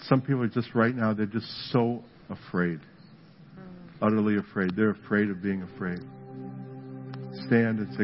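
This is a man's fairly low voice at a moderate pace, pausing often as he preaches and prays in church. He is a pastor leading a sermon with prayer ministry, earnest and conversational in tone. The recording is dull and lo-fi, with background music.

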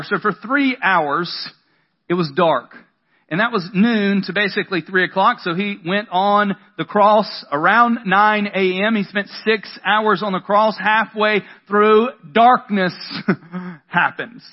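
Young male preacher, high-pitched and conversational, muffled lo-fi capture. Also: unhurried. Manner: conversational preaching with dramatic emphasis. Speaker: pastor. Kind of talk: sermon. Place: room with a congregation. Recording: dull lo-fi sound.

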